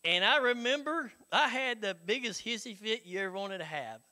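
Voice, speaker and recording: High, bright-voiced pastor. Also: male voice, lively intonation, normal speed. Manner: folksy, conversational preaching with frequent "Hello?" call-outs and chuckles. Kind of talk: sermon.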